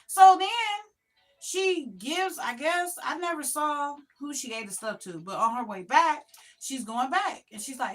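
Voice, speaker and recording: A middle-aged woman chatting casually as a guest, telling animated stories and acting out the people in them. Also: sits high, normal speed, soft background music. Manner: animated storyteller, acts out quotes. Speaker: guest, the host's mother. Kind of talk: casual chat.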